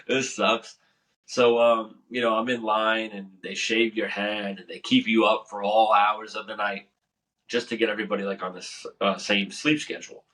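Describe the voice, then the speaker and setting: A man's voice: lowish voice, sharp tone. A young man, a Navy veteran, telling boot camp stories in a casual, profane, laughing way. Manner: laid-back, profane, laughs often. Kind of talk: casual storytelling. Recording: voice a bit far from the mic.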